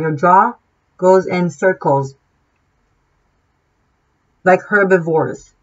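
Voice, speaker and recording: A woman tarot reader giving an impassioned, preachy monologue, swearing freely and restarting her sentences often. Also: on the low side. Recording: dull lo-fi sound.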